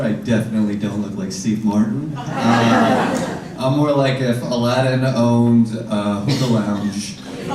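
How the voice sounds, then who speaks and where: A man doing stand-up comedy, self-deprecating and quick with asides. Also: mid-range voice. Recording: echoey hall from far off, loud noise.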